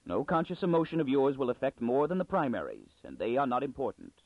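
Brief: steady, commanding scientist, read by a man, dry close sound on a narrow line. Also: mid-range voice, a little fast, no room sound. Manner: steady, reassuring.

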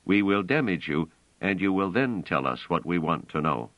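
A man voicing a cold, commanding humanoid guard robot that questions its prisoners in a flat, literal manner. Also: low-pitched, moderate pace, dry recording. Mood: menacing. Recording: dull, dry audio.

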